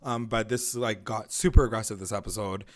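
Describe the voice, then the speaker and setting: A man's voice: fairly low pitch, steady tone, brisk. A man co-hosting a TV recap podcast, chatting loosely and swearing, often acting out the characters' lines. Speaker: podcast co-host. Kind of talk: casual recap chat.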